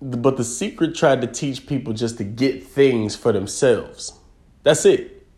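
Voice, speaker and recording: A man with a dark, mellow voice delivers a spiritual talk. He repeats his key words for emphasis and keeps checking in with the listener. His delivery is earnest and insistent. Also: mid-range voice, measured pace.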